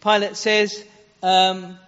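A man's voice: sits high, level tone, slow pace, fairly bright tone, smooth. A man preaching a sermon, earnest, leaning on rhetorical questions and shifting his pace for emphasis. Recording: echoey hall, dull lo-fi sound.

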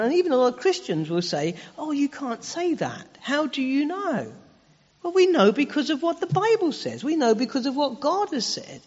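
A man preaching a sermon, explaining earnestly and posing rhetorical questions. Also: sits high. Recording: dull lo-fi audio with long hall reverb.

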